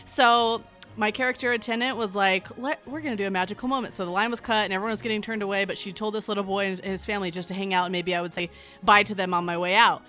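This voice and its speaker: A woman telling a personal story in a casual, expressive chat. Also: medium pitch, fast, soft background music. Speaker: podcast panelist.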